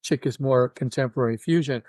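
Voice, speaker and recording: An older man talking as a guest in an interview, telling personal stories with an animated delivery and acting out other people's words. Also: medium pitch, fairly quick, no echo. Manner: animated, acts out quoted voices. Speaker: guest musician. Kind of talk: casual interview storytelling.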